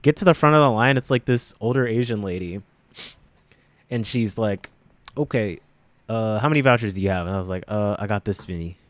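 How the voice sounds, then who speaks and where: A man's voice: on the low side, a little fast, dry recording. A young man telling a long story on a casual podcast, laughing often and acting out what people said. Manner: rambling, laughs often, acts out quotes. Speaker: podcast co-host.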